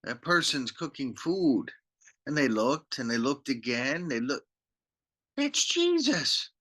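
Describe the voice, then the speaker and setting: Animated pastor telling a children's Bible story, slow and bright. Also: male voice, mid-range voice. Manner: animated, slow, acts out the characters.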